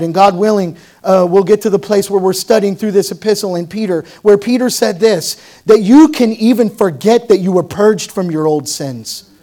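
A male pastor with a notably high-pitched voice delivers a sermon. He swings between loud, pressing emphasis and hushed, lower-toned explanation as he teaches verse by verse. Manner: emphatic preaching with rising and falling intensity.

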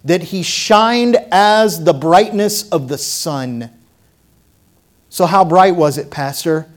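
Preaching to his congregation, this man, a pastor, speaks in a high register. He alternates loud stretches with quiet ones and keeps asking rhetorical questions.

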